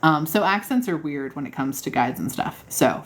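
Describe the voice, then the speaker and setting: A woman's voice: low-pitched, animated, normal speed, hardly any pauses. A woman hosting a casual livestream, answering viewer questions in a bubbly, encouraging way and laughing often. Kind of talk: casual live chat.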